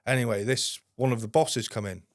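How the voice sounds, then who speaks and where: A man's voice: mid-range voice, fairly even intonation, brisk, no room sound, studio quality. A man, a podcast guest, telling a story in a casual, blunt way and swearing constantly.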